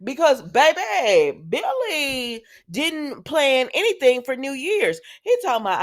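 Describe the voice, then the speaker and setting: A woman's voice: high-pitched, sing-song, a little slow. A woman hosting a casual soap opera recap, chatting through the episodes with asides to her viewers.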